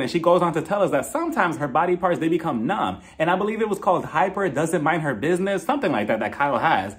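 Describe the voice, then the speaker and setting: A man's voice: a little high, fairly bright tone. A man recapping a reality show in casual, sassy, gossipy commentary. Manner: gossipy, sassy, quick to laugh. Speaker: reality TV reviewer.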